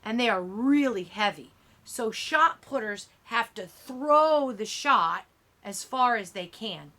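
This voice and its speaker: A woman narrating a middle-grade novel in first person, with expressive, youthful storytelling. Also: fairly high pitch, slow. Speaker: audiobook narrator.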